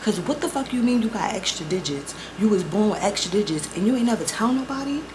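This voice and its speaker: A young woman vlogger telling a story in a casual, profane, animated way, acting out both sides of the conversations. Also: mid-range voice, quick pace, background noise. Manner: profane, animated storytelling with quoted back-and-forth.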